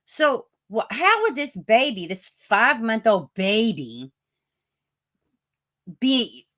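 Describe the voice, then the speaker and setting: A woman hosting a live stream with a raspy voice, chatting casually, greeting viewers by name and reading out news. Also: fairly high pitch, big pitch swings, slow, a bit bright. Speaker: livestream host.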